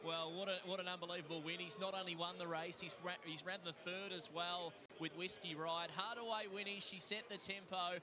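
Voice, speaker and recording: A race commentator with a slightly high voice, emphatic and enthusiastic. A crowd can be heard clearly behind him. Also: male voice, fairly even intonation, fairly quick. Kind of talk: sports commentary.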